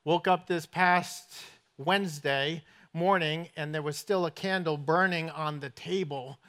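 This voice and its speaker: A man's voice: a little high, fairly even intonation, unhurried, bright, forceful tone, smooth. A man from southern New England preaching a sermon in a church with a New England accent, conversational and storytelling, asking his listeners questions. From southern New England, USA. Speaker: pastor.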